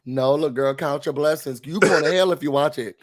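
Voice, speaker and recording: A man chats through a reality-show recap. He sounds nasal from a cold and livens things up by acting out quotes, sometimes with big shouts. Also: on the high side, a little fast. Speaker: podcast co-host. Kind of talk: casual recap chat.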